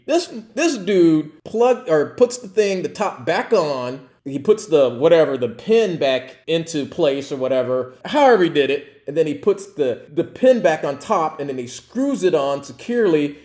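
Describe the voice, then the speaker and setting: A man hosting a podcast, telling a story in a casual, halting way and acting out the other people's lines in a raised voice. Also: a little high. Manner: animated, acts out quoted dialogue in a raised voice; halting, with many restarts and fillers. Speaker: podcast host.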